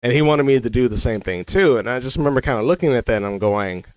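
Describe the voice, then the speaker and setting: A man's voice: medium pitch, racing, a little mellow, no room sound, rough recording. Rambling man telling a personal story. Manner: rambling, heavy use of "like" and "you know". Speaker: vlogger.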